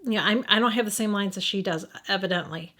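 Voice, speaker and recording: A middle-aged woman with a Midwestern American accent talks through a makeup review in a casual, conversational way. She thinks out loud and often trails off, then restarts and corrects herself. Her voice sits at an ordinary middle pitch for a woman. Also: fast talker. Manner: thinking aloud, hesitant, frequent restarts and self-corrections. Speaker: beauty vlogger.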